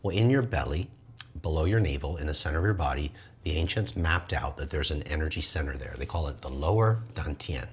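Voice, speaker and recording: A man gives an animated wellness talk on energy arts, speaking fairly quickly in a husky voice. He is lively and often switches into high, playful voices for the people he quotes.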